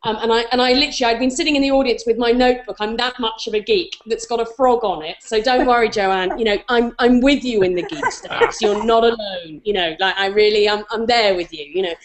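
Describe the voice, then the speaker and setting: Talk show guest, woman in her forties, high-ish voice, rambling and self-deprecating. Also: fairly quick, few pauses, slight background noise. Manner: rambling, self-deprecating, many restarts and fillers. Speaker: guest telling a story. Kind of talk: animated anecdote on a talk show.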